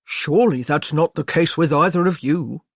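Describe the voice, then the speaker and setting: A woman's voice: sits low, normal speed, dry recording, studio quality. A woman voicing a genial elderly shopkeeper. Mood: surprised. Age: older.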